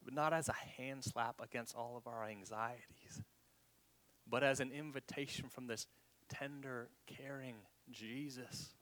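A man preaching with a bright, forceful voice. He stumbles over repeated words and sinks to a whisper for effect. His delivery is earnest and conversational. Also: medium pitch, fairly even intonation, unhurried. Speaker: pastor. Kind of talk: sermon.

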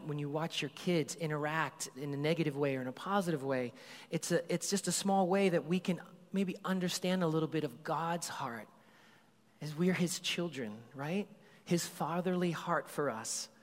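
A man's voice: fairly high pitch, moderate pace. A middle-aged man preaching a sermon as a pastor, telling stories about his kids in a casual, conversational way. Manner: conversational storytelling, animated when excited. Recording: long reverb of a large hall.

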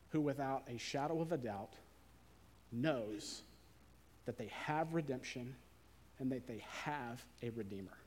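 A man preaching a sermon in a conversational way, slowing down and softening his voice to stress key words. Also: medium pitch, slight background noise.

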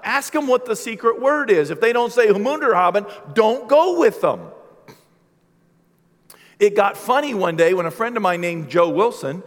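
A middle-aged male pastor preaching a sermon with animated, humorous storytelling. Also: sits high. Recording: long hall reverb.

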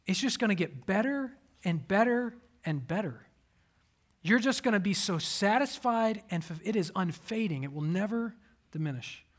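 A man in his thirties preaching a sermon, telling personal stories with animated swings and sudden soft asides. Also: high-pitched, moderate pace. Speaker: pastor.

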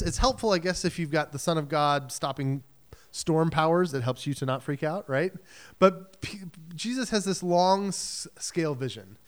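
Animated, casual-sounding male preacher. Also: on the high side, clean tone. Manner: conversational, animated, acts out the story in quick quoted voices. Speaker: pastor. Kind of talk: sermon.

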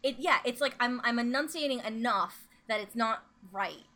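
Bright-voiced chatty woman. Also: on the high side, normal speed. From Pittsburgh area, US North. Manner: chatty, animated, laughs often, acts out quotes. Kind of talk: casual chat.

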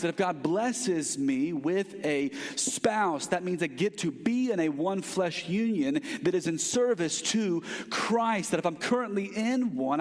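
A man from the United States preaching a sermon as pastor, earnest and emphatic, repeating key phrases for stress. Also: high-pitched. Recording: long reverb of a large hall.

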